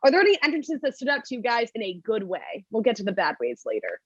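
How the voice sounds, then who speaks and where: A woman's voice: a little high, wildly swooping pitch, quick pace, slightly rough, dry recording, dull audio. A woman in her twenties from New Jersey hosting a casual podcast chat, upbeat and steering the talk with blunt opinions.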